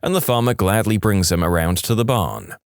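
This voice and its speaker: A man hosting a podcast, reading jokes aloud in a deadpan way. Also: fairly low pitch, brisk, clear, resonant tone, no room sound, clean studio sound. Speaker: podcast host.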